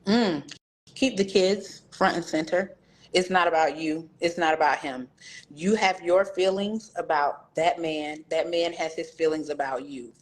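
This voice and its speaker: A woman's voice: deep voice, measured pace. A woman in her forties, a guest author in a candid interview, telling her story with animation and acting out other people's voices.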